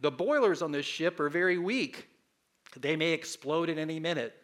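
A weary but resolute old sea captain, as a male preacher acts him out in a sermon story. He speaks bluntly and plainly. The voice is bright, forceful and fairly high. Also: moderate pace, close to an everyday voice.

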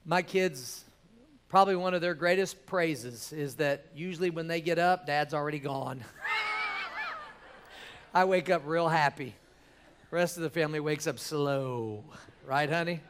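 A middle-aged man preaching a sermon as pastor, swinging from hushed storytelling to loud, animated exhortation. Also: fairly high pitch, normal speed, smooth.

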